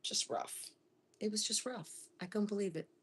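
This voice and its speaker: A middle-aged woman from Florida chatting casually while cooking in her home kitchen, laughing often and sometimes dropping to a soft half-whisper. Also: medium pitch, normal speed, a little hiss or hum. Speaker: live-stream cooking host.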